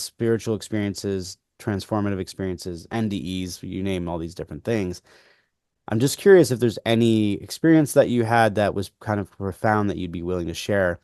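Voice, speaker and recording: A man hosting an interview, asking gentle, curious questions. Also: sits low, no room sound, clean studio sound. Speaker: podcast host.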